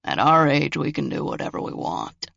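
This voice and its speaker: A man voicing a stubborn, frail eighty-seven-year-old grandfather with a trembling voice, in a slow drawl, for an audiobook. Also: on the high side, sing-song, gravelly, bright, forceful tone, no echo, dull audio, exaggerated voice. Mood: cranky.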